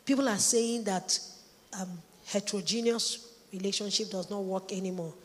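A woman's voice: medium pitch, fairly even intonation, moderate pace. A woman preaching a sermon, emphatic, repeating her points for stress. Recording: echoey hall, long reverb.

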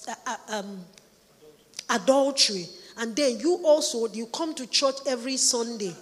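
Emphatic woman preaching in an echoey hall. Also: on the high side. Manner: emphatic, repeats lines for stress. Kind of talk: sermon. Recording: echoey hall, long reverb.

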